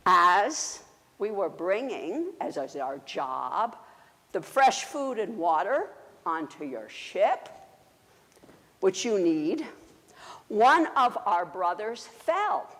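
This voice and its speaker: Brief: woman putting on a dignified dock worker, earnest, speaking calmly in a long-echo hall. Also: mid-range voice, heavily acted. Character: grave foreign dock worker, man, pleading, dignified.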